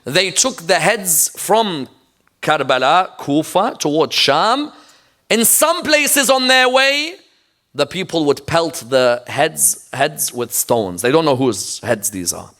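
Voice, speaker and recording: A man's voice: fairly high pitch, animated, takes it slowly, a bit bright. A man preaching a sermon in a mosque, telling the story emphatically and checking in with the audience with rhetorical questions. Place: mosque lecture.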